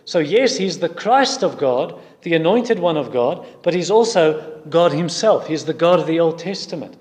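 Earnest preacher in a reverberant hall. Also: male voice, on the high side, expressive, moderate pace, darkish tone. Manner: earnest, questioning the listeners directly. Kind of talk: sermon.

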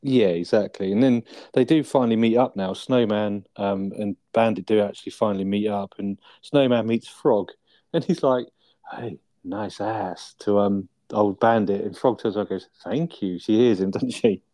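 Low, mellow man chatting. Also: fairly even intonation, normal speed, no echo. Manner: laid-back, sweary, asks tag questions. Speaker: podcast co-host. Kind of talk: casual film review chat.

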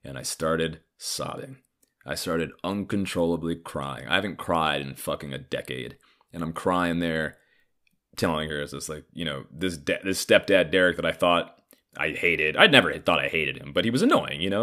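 Animated, profane man in his thirties. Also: low voice, normal speed. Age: 30s. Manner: profane, animated, frequent fillers. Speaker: storyteller. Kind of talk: casual personal storytelling.

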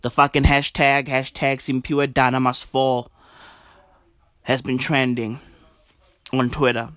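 Slow, profane man ranting. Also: little pitch movement, fairly bright tone. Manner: profane, slangy, exasperated; drops to low mutters and jumps up high for emphasis. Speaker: vlogger. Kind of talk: casual ranting commentary.

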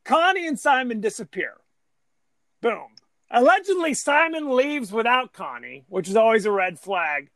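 A man co-hosting a podcast, recapping a movie plot with enthusiasm and quick agreements in casual chat. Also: very high voice, sing-song, fairly bright tone. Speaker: podcast co-host.

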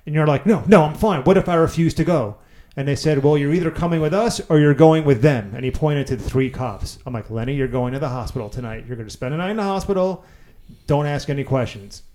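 A man's voice: on the high side, fairly quick, warm tone. A man hosting a casual chat, animatedly retelling a story, acting out quotes and swearing freely.

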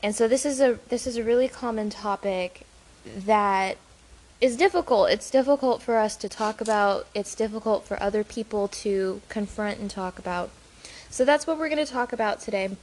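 The audio is poor, but this woman's mid-range, darkish voice comes through at a normal speed. Co-hosting a casual chat show as a caregiver, she stays earnest about a tough subject and laughs readily.

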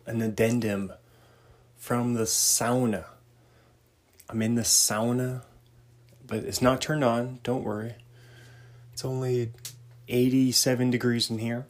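A man's voice: mid-range voice, steady tone, takes it slowly, long pauses. A man hosting a casual solo podcast, rambling and laid-back, laughing at his own jokes. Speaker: podcast host. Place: home sauna.

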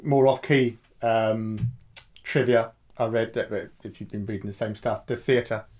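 A man's voice: lowish voice, steady tone, a little slow, a little mellow. A man co-hosting a film podcast, sharing trivia hesitantly with many uhs. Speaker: podcast co-host. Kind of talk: casual chat.

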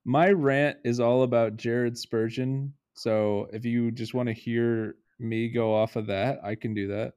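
A man co-hosting a casual sports podcast, ranting in an animated way and swearing freely. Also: medium pitch, unhurried, hardly any pauses, smooth. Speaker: podcast co-host.

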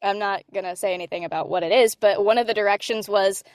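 A woman voice actor talks shop in a relaxed interview, animated and quick to laugh. Her voice sits at a middle pitch. The recording is close and dry, with no room echo. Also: clear, resonant tone. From Hispanic American. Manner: animated, laughs often, talks with her hands in words, many "like" fillers. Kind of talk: casual interview chat.

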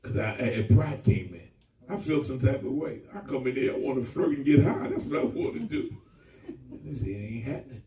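Animated male pastor in echoey hall. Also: medium pitch, a little fast. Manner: animated storyteller, shouts and laughs through stories. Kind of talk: testimony sermon. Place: church hall with congregation. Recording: echoey room, far from mic.

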